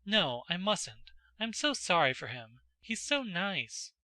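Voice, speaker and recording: A man's voice: high voice, sing-song, slow pace, sharp tone, dry recording, exaggerated voice. A man voicing an eager young noblewoman. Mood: pleading. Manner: breathless, pleading and indignant. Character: excited teenage noble girl. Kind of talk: audiobook character voice.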